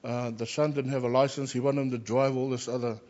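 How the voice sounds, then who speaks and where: Animated New man telling stories. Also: mid-range voice, a little fast, muffled recording. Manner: animated anecdotes, acts out quoted voices. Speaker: Christian workplace chaplain. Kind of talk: personal storytelling.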